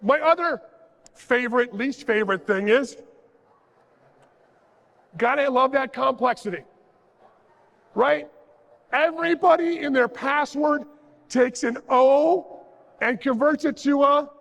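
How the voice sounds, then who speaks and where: This speaker's voice is extremely high, creaky, and a bit bright as he gives a jokey, sarcastic stage talk in a large conference hall. Reverb fills the recording while he performs little dialogues throughout.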